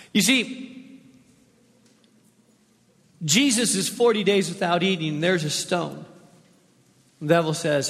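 A man's voice: sits high, expressive, takes it slowly, long pauses, a bit bright, in a large hall. A male pastor preaching a sermon in a conversational way, repeating points for emphasis. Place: church.

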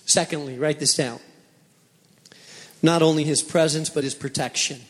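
A man's voice: a little high, steady tone, normal speed, a bit bright, big-room sound. A man preaching a sermon as a pastor, telling Bible stories dramatically and asking his listeners direct questions. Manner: dramatic storytelling, acting out panicked voices; asks the congregation direct questions.

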